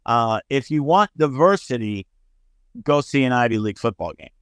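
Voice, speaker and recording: Animated storytelling man, dry sound. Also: mid-range voice, moderate pace, clean tone, dry recording. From United States. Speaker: sportswriter guest. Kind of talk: storytelling podcast interview.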